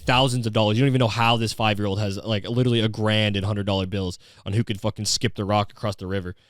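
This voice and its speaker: A young man holds forth on his podcast in a crude, mocking rant, slipping into put-on voices when he quotes people. His voice is smooth and resonant, recorded close and dry with no room sound. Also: lowish voice, dry recording. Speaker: podcast host. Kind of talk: profane comedic podcast rant.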